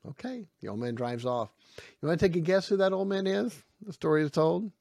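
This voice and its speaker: A man teaching a Bible lesson for parents, with a gravelly voice that swings widely up and down as he acts out little scenes. The recording is dry and close. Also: on the high side, brisk, dry recording. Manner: animated, acts out dialogue in his stories.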